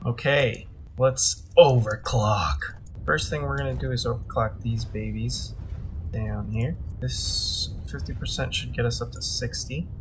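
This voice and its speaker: A man commenting on his own gameplay, excitable and dramatic, swearing freely and joking about his own panic. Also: mid-range voice, measured pace, slight background noise. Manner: self-deprecating, jokey panic. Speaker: gaming channel host.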